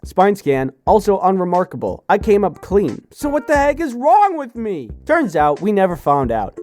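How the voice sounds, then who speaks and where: Animated young man telling a story. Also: fairly high pitch. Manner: exasperated, bitter and playful, with lively quoted voices. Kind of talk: comedic storytime narration.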